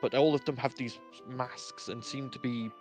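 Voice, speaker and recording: A man running a tabletop game as its game master. He narrates in an easygoing way, with small fillers and quick self-corrections, and soft music plays behind him. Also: medium pitch, fairly even intonation.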